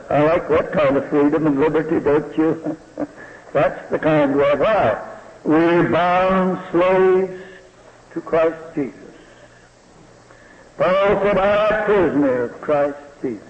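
Guy preaching real slow, asks the folks lots of questions, dull lo-fi old recording. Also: fairly high pitch. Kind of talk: sermon. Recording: dull lo-fi recording in a reverberant hall.

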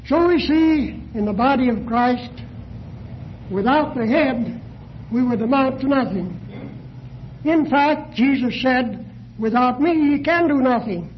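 A man preaching a sermon, measured and deliberate, posing questions to his listeners. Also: extremely high pitch, animated, lo-fi sound, slight background noise.

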